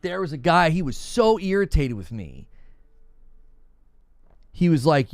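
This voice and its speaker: A man's voice: fairly high pitch, unhurried, no room sound, faint music behind. A man hosting a casual gaming news live stream, talking straight to his chat and mimicking other people's voices. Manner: animated, talks to chat, mimics others in raised voice.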